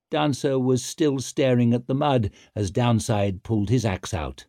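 A man narrating a gritty fantasy audiobook in a measured storytelling manner with dry wit. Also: medium pitch, fairly even intonation, mellow, no room sound. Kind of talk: scripted narration.

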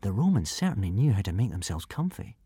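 A man narrating a children's adventure audiobook in an expressive, animated reading. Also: fairly low pitch, fast talker, slightly rough, no room sound, studio quality. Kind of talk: storybook narration.

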